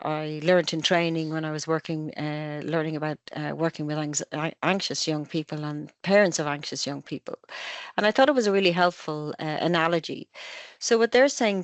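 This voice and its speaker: A middle-aged Irish woman, a family psychotherapist, calmly explaining parenting ideas with analogies in an online webinar. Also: sits low, no echo. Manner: calm, measured explaining with analogies.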